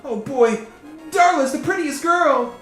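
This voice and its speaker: A man voicing a brash teenage male cat hero in a loud, goofy, early-anime-dub style. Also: very high voice, lively intonation, takes it slowly, voice pushed up, exaggerated voice. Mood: overexcited. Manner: loud, overexcited, shouty, goofy. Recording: roomy echo, faint music.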